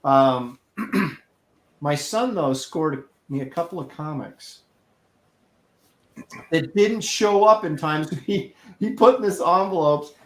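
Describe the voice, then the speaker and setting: A man's voice: fairly high pitch, slow, pauses often, reverberant. A middle-aged man co-hosting a casual chat, joking and teasing. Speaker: podcast co-host.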